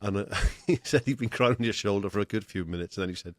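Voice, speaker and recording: A man's voice: on the low side, quick pace, dry recording. A man hosting a podcast in casual chat, teasing his guest and laughing often. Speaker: podcast host. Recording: faint background noise.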